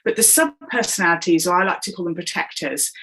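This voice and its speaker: A woman's voice: on the low side, fast talker, husky, low-quality recording. A woman, a coach and comedian, talking as a guest in an interview and acting out the voices she quotes. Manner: animated storyteller who acts out quoted voices. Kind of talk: conversational interview.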